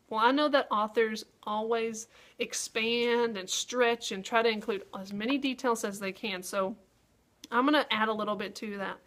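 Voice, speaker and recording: A young woman with a slightly high voice talks through a writing lesson like a teacher in front of a class. She keeps checking in with "okay?", breaks things into small steps, and uses plenty of "um" along the way. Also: fairly even intonation, moderate pace, bright, forceful tone. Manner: upbeat classroom talk with frequent "okay?" checks. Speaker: teacher trainer.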